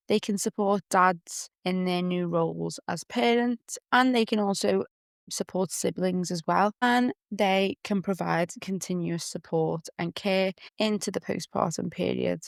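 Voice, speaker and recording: Chatty Liverpool woman, smooth and dry. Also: medium pitch, unhurried, no room sound. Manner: chatty, candid, quotes people in lively voices. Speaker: podcast host, doula. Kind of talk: casual chat.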